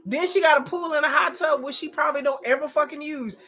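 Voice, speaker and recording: A woman's voice: high-pitched, quick pace, pushed and bright, faint music behind. A woman giving casual, profane reaction commentary on a reality show, bluntly mocking the people on screen. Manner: blunt, profane, mocking impressions of cast members.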